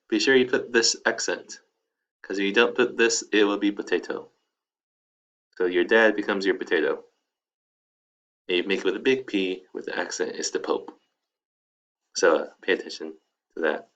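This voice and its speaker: A man with a very low, gravelly voice teaches in a loose, chatty way, repeating each word slowly. The recording sounds dull and lo-fi. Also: a bit bright. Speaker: Spanish teacher. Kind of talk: casual video lesson.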